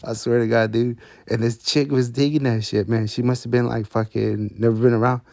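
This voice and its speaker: A man's voice: medium pitch, flat delivery, a little fast, gravelly, a little mellow, dry recording, clean studio sound. A man telling a casual story full of swearing and laid-back street slang.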